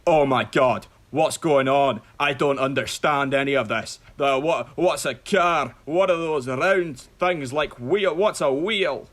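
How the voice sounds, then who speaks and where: A baffled big green ogre, played by a man, grumpy and out of his depth. He sits a little higher and louder than an everyday voice and exclaims at everything around him. It plays as a jokey podcast impression. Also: measured pace, hardly any pauses, natural voice. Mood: bewildered. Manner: bewildered, exclaiming. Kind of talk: comedic impression.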